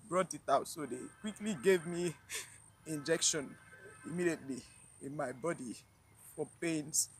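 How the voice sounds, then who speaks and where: A woman tells a personal story to her viewers, emotional and near tears, halting and repeating herself with sighs. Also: deep voice, slight background noise, poor audio. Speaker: vlogger.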